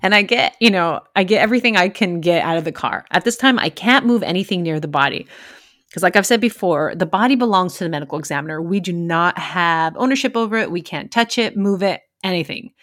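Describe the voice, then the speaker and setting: A woman's voice: fairly low pitch, brisk, a bit bright, dry recording, clean studio sound. A woman who works crime scenes, casually telling a gross work story with candid laughs.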